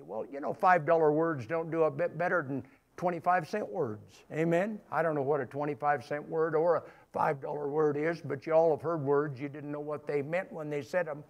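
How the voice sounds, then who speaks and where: A man's voice: fairly high pitch, moderate pace, vocal fry, a little mellow. A man pastor preaching a sermon in church, emphatic and repetitive, rising in bursts. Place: church sanctuary.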